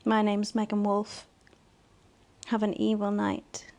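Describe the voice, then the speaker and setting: A woman playing a sultry female news anchor turned tempter in a video game, purring taunts and teasing low asides. She sounds scheming and mocking, with a middling pitch. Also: monotone, slow, darkish tone, natural voice. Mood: seductive.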